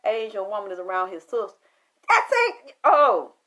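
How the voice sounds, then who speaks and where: A woman telling a story about a spiritual reading to an audience in a casual, animated way, full of cursing and sudden excited jumps in pitch. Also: moderate pace. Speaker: spiritual medium recounting a reading.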